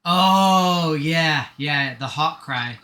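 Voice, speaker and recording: A man's voice: fairly high pitch, lively intonation, normal speed, reverberant, background noise. A man chatting casually while he plays on a live gaming stream, rambling and joking at his own expense. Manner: rambling, joking and self-mocking.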